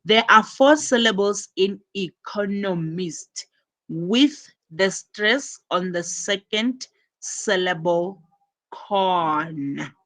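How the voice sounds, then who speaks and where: A woman teaching English at a slow, unhurried pace. Her pitch sits in a mid range, and she explains deliberately and patiently, modeling and repeating each example phrase. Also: fairly bright tone. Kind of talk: online English lesson.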